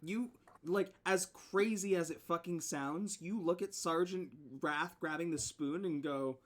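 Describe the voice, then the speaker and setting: A man with a slightly high voice runs a tabletop game as game master. He swears freely and laughs in disbelief as he calls for rolls and narrates. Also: a little slow. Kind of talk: running a tabletop game over voice chat.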